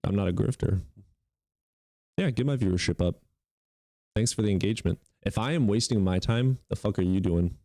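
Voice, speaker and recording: Young male streamer, low mellow voice, sneering and taunting, dry close sound. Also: normal speed, pauses often, no echo. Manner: taunting and mocking, swears, bursts into laughter. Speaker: streamer hosting call-in debates. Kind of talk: livestream debate with chat.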